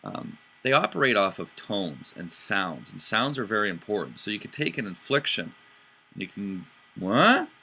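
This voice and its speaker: A man's voice: fairly low pitch, big pitch swings, moderate pace, gravelly, sharp tone, a little hiss or hum. A man hosting a podcast in a casual explanatory talk. He speaks with animation, stumbles into restarts, and acts out voices and inflections to make his points. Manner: frequent fillers and restarts. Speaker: podcast host.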